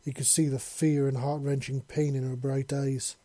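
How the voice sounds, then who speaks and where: Man reading a story in a flat, dark voice. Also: mid-range voice, moderate pace, dry recording. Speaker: narrator. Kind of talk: audiobook reading of a fan story.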